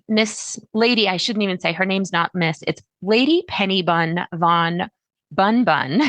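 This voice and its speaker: A woman hosting a solo podcast, talking in a chatty, animated way with sudden jumps in pitch. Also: dry recording. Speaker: podcast host.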